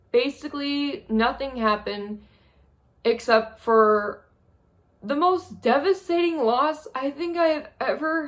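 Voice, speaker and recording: A young woman vlogging a monthly review from a small spare room, speaking haltingly and wearily while close to tears. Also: high-pitched, a bit bright. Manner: halting, heavy, emotionally drained. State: on the verge of tears. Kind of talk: tearful monthly review vlog.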